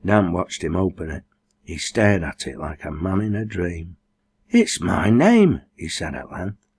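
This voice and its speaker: Deep husky man reading a novel aloud. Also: moderate pace. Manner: reads dialect dialogue in raised voices. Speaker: audiobook reader. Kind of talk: scripted narration.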